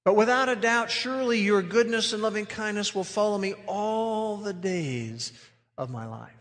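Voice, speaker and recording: A man's voice: high-pitched, normal speed, in a large hall. A man preaching a sermon as pastor, earnest and emphatic, stretching out key phrases.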